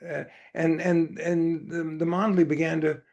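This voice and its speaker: A man's voice: on the high side, level tone, normal speed, a little mellow, dull audio. A man telling a story at a devotional gathering in a rambling way, with many fillers and restarts. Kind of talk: anecdotal storytelling presentation.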